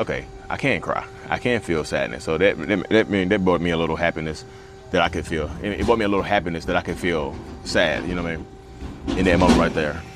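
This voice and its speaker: A man talking casually to camera outdoors at a beach, rambling and conversational with lots of fillers. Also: sits low. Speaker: vlogger.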